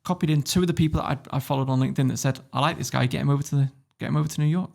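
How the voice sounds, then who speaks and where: Fast, gravelly northern English man. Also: mid-range voice. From Warrington, England. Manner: animated storyteller, swears freely, laughs often. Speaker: podcast guest. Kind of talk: casual interview storytelling.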